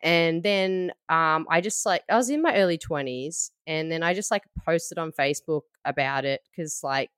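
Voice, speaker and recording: Low smooth chatty woman. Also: fairly bright tone, no room sound, clean studio sound. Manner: chatty storyteller, quick to act out quotes. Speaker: podcast co-host. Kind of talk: casual chat.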